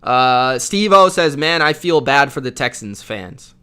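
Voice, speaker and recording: A man hosting a live football reaction stream, reading viewer chat aloud and commenting in a loud, slangy, casual way. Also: mid-range voice, lively intonation, a little slow, smooth. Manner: loud, self-described yeller, slangy with frequent "bro".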